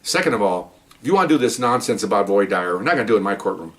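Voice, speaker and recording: A commanding older judge speaks in a low, subdued voice and cuts off argument with short, firm rulings. A man voices him while telling the story. His pitch drops below the teller's own voice. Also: big pitch swings, racing, a bit bright. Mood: stern. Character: stern older male judge, dry and commanding.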